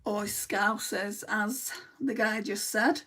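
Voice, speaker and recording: A Lancashire beauty vlogger, accent and all, works through her makeup routine and viewer comments in a blunt, chatty way. Her mid-range voice is sharp and steady, and she speaks slowly. She comes from Lancashire, England, and the mic catches her from a little distance.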